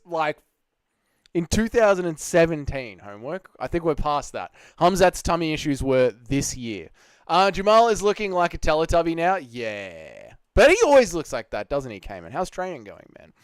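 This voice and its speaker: A man's voice: a little high, very animated, fairly quick, clean tone, no room sound. A man hosting a casual livestream, reading chat comments aloud and arguing back. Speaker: livestream host answering chat.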